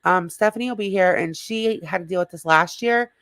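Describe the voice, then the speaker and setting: A slightly hoarse woman hosting a casual livestream, rambling and greeting viewers in the chat by name. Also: on the low side, a little fast, a bit bright, no room sound. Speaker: livestream host.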